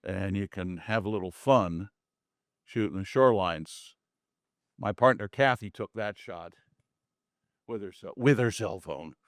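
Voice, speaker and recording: A man's voice: on the low side, measured pace, long pauses, dry recording, studio quality. A man giving a casual slide talk about his photographs to a small audience, chatty, with folksy asides and jokes. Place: community meeting room.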